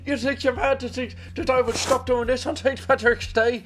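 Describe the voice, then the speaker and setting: A man's voice: level tone, normal speed, fairly bright tone. A man hosting a podcast puts on a playful, exaggerated mock Irish accent that slips toward posh British. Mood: boisterous. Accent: mock Irish, slipping toward posh British. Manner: hammy, high-pitched, playful. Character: exaggerated stage Irishman, jolly and loud.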